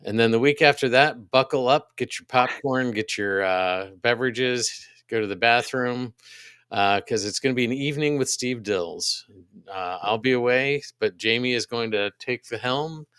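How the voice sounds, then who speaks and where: A man co-hosting a podcast, casually reading out upcoming events, halting with many ums and restarts. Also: medium pitch, a bit bright, clean tone, dry recording, clean studio sound. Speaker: podcast co-host.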